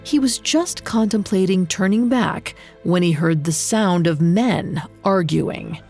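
Woman narrator, storybook reading, slow, somewhat low voice. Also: darkish tone, soft background music. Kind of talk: scripted narration.

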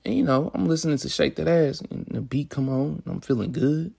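A man's voice: on the high side, fairly quick, creaky, a little mellow, husky. A young man hosting a podcast, talking in a rambling, swaggering, profane monologue, with crude jokes and mock-lecture asides. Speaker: podcast host.

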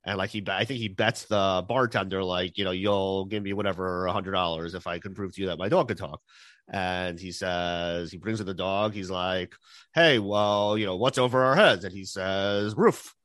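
A man's voice: deep voice, fairly even intonation, normal speed, a bit bright, no echo. Male co-host: hesitant, filler-heavy, easy laugh; dry close sound. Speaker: podcast co-host. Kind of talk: casual podcast chat.

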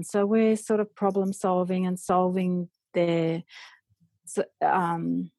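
A woman, a parent guest talking casually and haltingly, with many fillers. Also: lowish voice, little pitch movement, mellow, dry recording. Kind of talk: casual chat.

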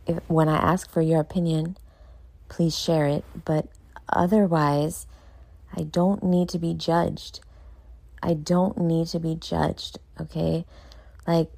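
Tired new girl rambling loud at night, low gravelly voice. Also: no room sound. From New York. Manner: loud, excitable, many fillers. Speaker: podcast host. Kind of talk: candid self-talk vlog.

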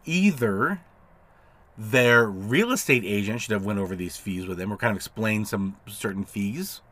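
A man's voice: fairly low pitch, animated, normal speed, fairly bright tone. Man talking casually on a podcast. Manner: conversational, explains with repeated examples and quoted dialogue, frequent restarts. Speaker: podcast host, notary signing agent. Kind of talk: casual solo podcast talk.

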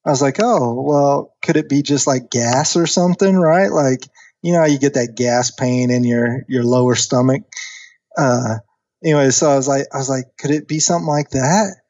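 A man in his thirties casually telling a long story on a podcast, animated and acting out the voices of the people in it. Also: medium pitch, normal speed, dry recording, dull audio. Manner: animated storyteller, acts out quoted voices, many fillers. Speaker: podcast guest.

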